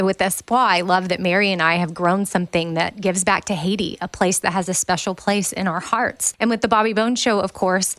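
A woman's voice: medium pitch, a bit bright, no room sound. A woman hosting her own podcast, talking candidly and from the heart in a casual, conversational way. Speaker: podcast host. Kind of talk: casual solo podcast talk.

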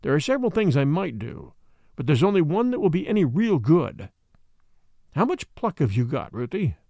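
A man reading aloud and voicing a grim, blunt older millionaire father in a lowered voice. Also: very animated, normal speed, dark tone, dry recording, muffled recording.

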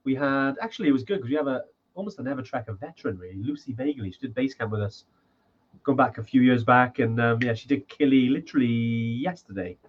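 A man's voice: mid-range voice, quick pace, lo-fi sound. A man co-hosting a podcast in casual chat, rambling with lots of restarts and fillers. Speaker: podcast co-host.

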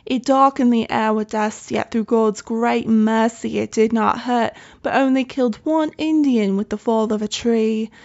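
A woman playing a colonial male governor reading his diary, in a halting, self-conscious attempt at a British accent. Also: on the high side, fairly even intonation, a little mellow, muffled recording. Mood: solemn.

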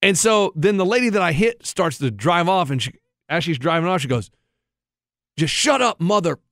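A man co-hosting a casual podcast chat, telling an animated story and acting out the people in it. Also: on the high side, fairly quick, no echo, studio quality. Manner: animated storyteller, acts out quotes.

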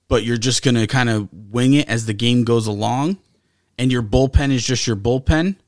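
Male podcast co-host, measured casual sports talk, dry sound. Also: mid-range voice, no echo. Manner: measured, conversational, occasionally profane.

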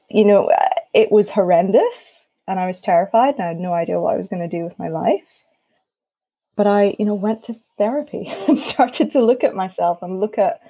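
Scottish woman with a mellow voice. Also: on the low side, rough recording. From Scotland. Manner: lively storytelling with acted-out quotes. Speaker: guest musician. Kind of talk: casual panel chat.

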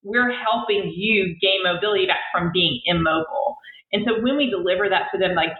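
A woman's voice: fairly low pitch, fairly quick, echoey room, phone-quality sound. A woman physical therapist guest talking casually in an interview, full of fillers and restarts. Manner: chatty, many fillers and restarts.

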